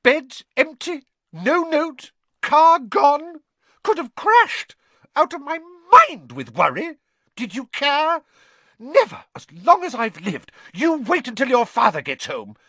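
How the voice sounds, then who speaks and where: A man doing a shrill furious mother witch. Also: wildly swooping pitch, slow pace, a bit bright, slightly rough, dry recording, heavily acted. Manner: shrieking tirade, then low deadly whisper. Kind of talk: audiobook character voice.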